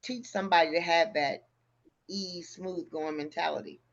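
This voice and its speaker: A podcast co-host asking earnest, halting questions in a casual chat. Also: mid-range voice, fairly even intonation. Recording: dull lo-fi sound.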